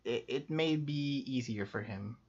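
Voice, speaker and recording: A man's voice: mid-range voice, darkish tone, slightly rough. Upbeat man chatting on muffled audio. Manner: quick, upbeat, laughs often, many fillers. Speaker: co-host ranking players. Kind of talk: casual chat.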